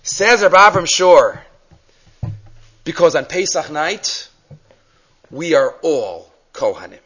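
A man teaching a Torah class, animated, acting out questions and mixing Hebrew terms into his English. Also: a little high, slow, husky, highs cut off.

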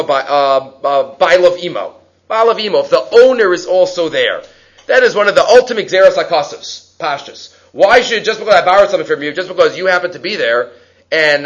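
A man giving a Talmud lecture, lively and acting out the quoted speakers. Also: sits high, highs cut off. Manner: animated, acts out quoted speakers, many fillers. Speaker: Talmud teacher.

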